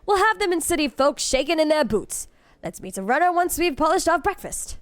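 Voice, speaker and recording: A woman reading as a formal, high-voiced companion. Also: big pitch swings, a little fast, dry recording. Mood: composed.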